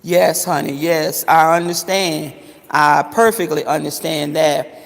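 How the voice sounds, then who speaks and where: A man's voice: fairly high pitch, steady tone, a little slow, vocal fry. Chatty man, echoey room. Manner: chatty, calls viewers honey and baby, swears freely. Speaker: vlogger. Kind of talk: casual chat to viewers. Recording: long reverberant echo.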